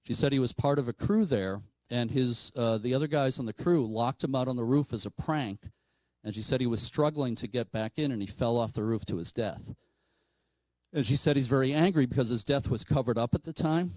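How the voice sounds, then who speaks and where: A man's voice: mid-range voice, fairly quick, darkish tone, dry recording, poor audio. Dry-voiced man telling a ghost story. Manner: conversational, many fillers and asides. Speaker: paranormal speaker. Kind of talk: storytelling talk to an audience.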